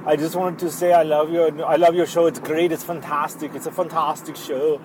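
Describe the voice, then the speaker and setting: A caller's over-the-top action-hero impression, with a thick put-on Austrian accent and clipped, repetitive lines, as a man puts him on. The voice is pushed up high, and there is a faint hum of street sound behind it. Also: little pitch movement, moderate pace, natural voice. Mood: boastful.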